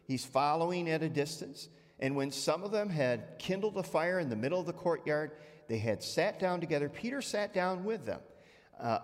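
Male pastor, somewhat higher voice, conversational sermon with restarts, long church reverb. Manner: retells scripture conversationally with frequent restarts. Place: church sanctuary.

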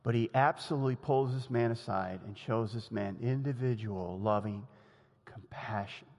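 A man preaching a sermon in a lively, conversational way, often laughing and acting out the quotes he tells. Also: mid-range voice, normal speed, vocal fry. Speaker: pastor. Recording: long hall reverb.

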